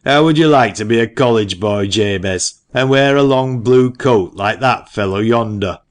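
A man doing a gruff, blustering old parson. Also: mid-range voice, moderate pace, close to an everyday voice. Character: brusque, gruff old male parson, impatient and sharp-tongued. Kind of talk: audiobook character reading.

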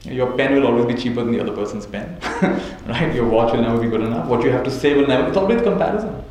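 A quick, expressive male voice of medium pitch and slightly mellow tone leads a live spiritual teaching session. He recounts stories, often chuckles and checks in with listeners using "right?". The sound is very echoey with faint background noise.

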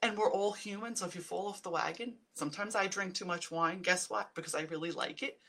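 Talking fairly quickly in a medium-pitched, slightly bright voice, a middle-aged wellness host gives viewers direct, cheerful advice during a casual live stream.

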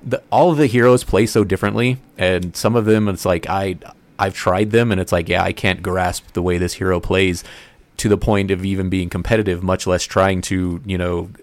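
A man's voice: low-pitched, fairly even intonation, normal speed, no room sound. A man co-hosting a gaming podcast, telling stories in a rambling, self-correcting way. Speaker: podcast co-host. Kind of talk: casual gaming podcast chat.

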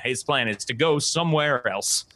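Male game master for a tabletop game, mid-pitch, easygoing delivery, voices characters in quotes. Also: normal speed. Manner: relaxed, plays characters in quotes.

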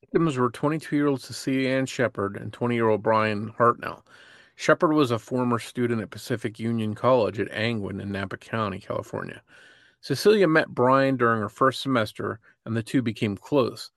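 Gravelly man reading true crime. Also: medium pitch, a bit bright, dry recording, clean studio sound. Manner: measured, reads from a script. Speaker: podcast co-host. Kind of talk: scripted true-crime narration.

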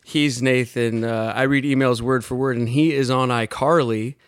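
A man's voice: medium pitch, normal speed, clean tone. A man in his thirties co-hosting a podcast, telling a funny story with lots of laughter and acted-out voices. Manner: animated storyteller, laughs often, acts out voices. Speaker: podcast co-host. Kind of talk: casual comedic chat.

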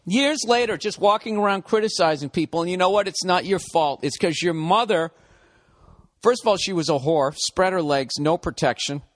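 A man's voice: sits high, moderate pace. A man hosting a solo podcast, brash and profane, mocking imagined critics. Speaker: podcast host.

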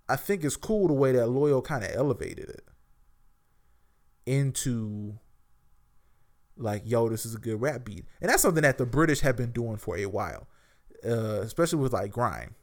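A man giving a casual, rambling spoken album review as a show host, full of fillers and restarts. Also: mid-range voice.

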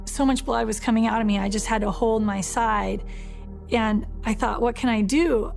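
A woman speaks in a documentary interview about an attack she lived through, and her voice sits a touch high with a gravelly fry. She talks earnestly, taking the listener back through each moment in plain terms. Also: fairly even intonation, normal speed, faint music behind. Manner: earnest, reliving events, with plain spoken retelling. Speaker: survivor telling her story.

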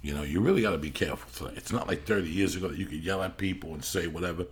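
A man's voice: low voice, racing. A middle-aged man hosting a podcast, telling a rambling, profane story in casual chat. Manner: profane, rambling, bursts into yelling when acting out quotes. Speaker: podcast host.

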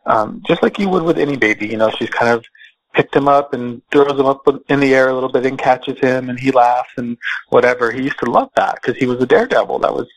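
Man telling a family story slowly. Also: mid-range voice, rough recording. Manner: slow, measured, halting with fillers. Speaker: interview guest. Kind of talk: personal storytelling.

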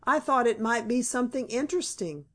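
A woman's voice: fairly high pitch, lively intonation, fairly quick, voice pushed up. A woman reading the part of an eager, curious pioneer boy in an audiobook.

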